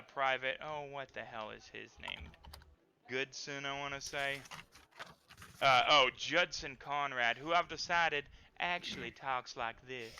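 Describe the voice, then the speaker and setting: A man's voice: mid-range voice, bright, forceful tone, dull audio, slight background noise. A man narrating a tabletop game as game master, rambling with many fillers.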